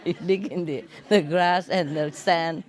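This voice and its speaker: A woman's voice: lowish voice, steady tone, unhurried, a crowd in the background. A woman telling jokes to an audience, laughing often at her own punchlines, with non-standard English grammar.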